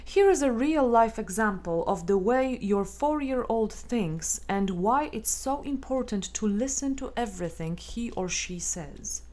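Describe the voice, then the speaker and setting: A woman reads guidance aloud in a calm, measured voice. Her delivery is gentle and instructive, like a patient teacher working through a scripted self-help text. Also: on the high side. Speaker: audiobook narrator.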